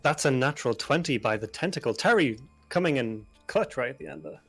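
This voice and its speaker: A man playing in a tabletop game, joking in a dry, deadpan way. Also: mid-range voice, a little fast, music in the background. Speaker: player. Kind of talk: casual tabletop game chat.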